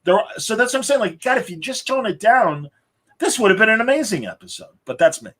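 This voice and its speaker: A man hosting a podcast who gives rambling, opinionated and animated reviews in casual chat. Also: sits high, brisk. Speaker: podcast host.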